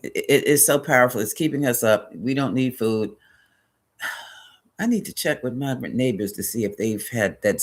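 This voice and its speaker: A chatty man in the middle of a casual live stream, wandering from thought to thought and correcting himself along the way. His voice sits at an ordinary middle pitch. He talks to his viewers and greets them by name as he reads the chat. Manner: rambling and chatty, drifts off topic and corrects himself. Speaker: host of a spiritual tarot live stream.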